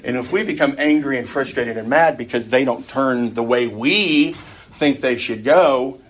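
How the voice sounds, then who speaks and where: A man's voice: mid-range voice, normal speed. A middle-aged man teaching an adult Sunday school class in a conversational way, often putting questions to the group.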